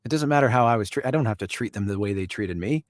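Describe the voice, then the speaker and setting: A man's voice: fairly low pitch, animated, fast, dry recording, studio quality. A man from Canada hosting a casual live stream. He reads viewer comments aloud, answers people by name and chuckles often.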